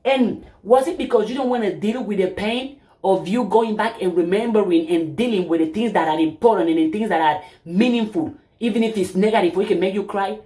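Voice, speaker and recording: Woman, mid-pitched voice, emphatic, preachy, rhetorical questions, opinion vlog monologue. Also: a little fast, dark tone. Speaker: channel host.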